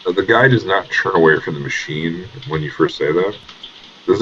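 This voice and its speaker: Brief: man, game master, rambling casual narration, very low voice. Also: expressive, normal speed, a bit bright, slight background noise. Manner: casual and rambling, many fillers. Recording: dull lo-fi audio.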